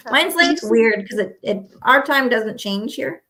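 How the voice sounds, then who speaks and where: A woman's voice: a little high, expressive, slow pace, crowd noise. Easygoing Canadian woman hosting a live chat. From Saskatchewan, Canada. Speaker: host. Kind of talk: casual live-stream chat.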